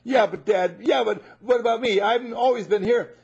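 A man voicing a complaining older brother who pleads with his father in a raised, husky voice, heard on a muffled lo-fi recording. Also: very high-pitched, normal speed, a little mellow, pitched above the performer's own voice, full character voice. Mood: whining. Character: whiny indignant older brother, adult male.

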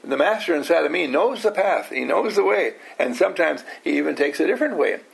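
An older man, a household teacher, gives an informal talk to a small group, frequently asking questions, teasing his listeners, and acting out the people he quotes. His voice is fairly high, animated, and a little fast, with vocal fry and slight roughness.

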